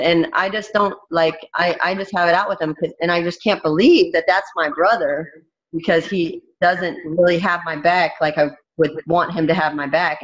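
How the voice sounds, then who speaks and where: A woman in her thirties, a fighter as interview guest, talking candidly in a blunt, emphatic way with many restarts. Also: lowish voice. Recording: dull, muffled recording.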